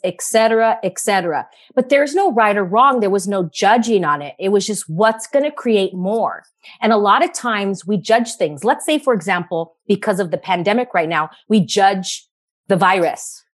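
A woman with a medium-pitched voice guests on a casual podcast interview, speaking animatedly and repeating phrases for emphasis.

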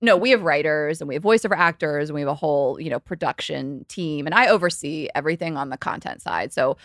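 A woman's voice: low-pitched, no room sound, clean studio sound. A woman in her thirties talking casually and animatedly as a podcast guest, explaining with lots of "like"s. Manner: animated, explains fast with many "like"s. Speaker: guest, company co-founder.

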